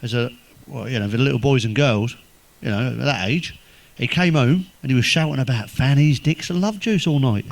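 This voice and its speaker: A man telling crude stand-up jokes, swearing constantly, delivering deadpan one-liners and laughing at his own punchlines. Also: mid-range voice, moderate pace, gravelly, no echo. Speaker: comedian.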